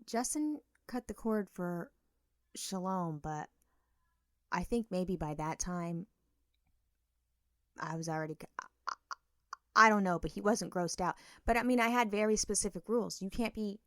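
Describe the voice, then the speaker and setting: Recorded cleanly in a studio with no echo, a woman with a mid-range voice co-hosts a podcast. She chats casually, swearing freely through frank stories and impersonating the people involved in lively voices.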